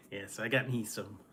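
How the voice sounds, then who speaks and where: A man's voice: mid-range voice, fairly bright tone, a little hiss or hum. A man hosting a casual food review vlog, rambling and chuckling often.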